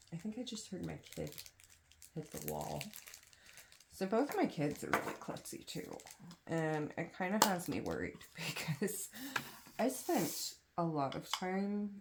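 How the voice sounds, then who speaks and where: A woman's voice: deep voice, creaky, very noisy. A young woman chatting casually while she sorts craft supplies at home, rambling and poking fun at herself with lots of fillers. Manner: rambling, self-deprecating, many fillers. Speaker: crafting vlogger. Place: home, kids in another room.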